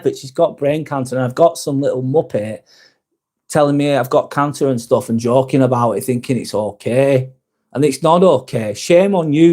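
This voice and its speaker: A man's voice: mid-range voice, darkish tone. A man hosting a live stream, reading chat comments aloud, swearing heavily, then apologizing.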